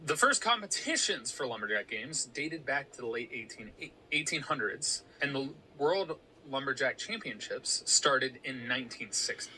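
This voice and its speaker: A man's voice: mid-range voice, animated, normal speed, few pauses, pushed and bright, a little hiss or hum, low-quality recording. A man co-hosting a casual podcast chat, explaining researched facts in an informative way. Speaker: podcast co-host.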